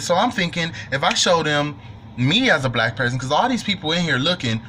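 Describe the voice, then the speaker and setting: A young man telling a personal story to camera in an animated, joking, profane way. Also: a little high, slight background noise. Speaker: vlogger. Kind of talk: storytime monologue.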